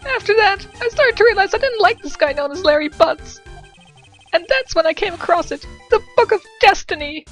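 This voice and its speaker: Larry: una mujer haciendo de joven exaltado y chillón. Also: female voice, expressive, moderate pace, faint music behind, low-quality recording. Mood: gushing. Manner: high, squeaky and overexcited. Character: excitable young man, sketch artist, dramatic and lovestruck.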